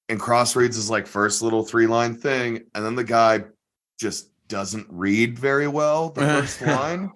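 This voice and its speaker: A man in the middle of an easygoing podcast chat, spinning an anecdote with lively energy. He breaks into laughter often, and his pitch sits in an ordinary middle range. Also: a little slow. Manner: animated storyteller, acts out quotes, laughs often. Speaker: podcast co-host. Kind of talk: casual storytelling chat.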